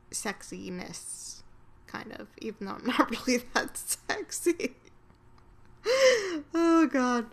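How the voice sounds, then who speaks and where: Woman from Georgia, amateur audio creator, unhurried word-by-word reading for an accent challenge. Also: mid-range voice, a little hiss or hum. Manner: slow, deliberate word-by-word reading.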